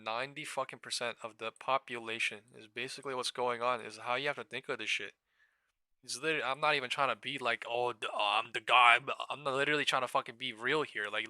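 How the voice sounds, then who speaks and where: A man hosting a live trading stream, ranting fast and emphatically with heavy profanity. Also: mid-range voice, pushed and bright, no echo.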